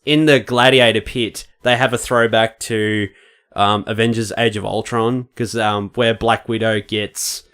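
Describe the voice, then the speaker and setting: A man co-hosting a podcast in a casual movie-review chat, animated and acting out scenes with quoted voices. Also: lowish voice, a little slow, clean tone. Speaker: podcast co-host.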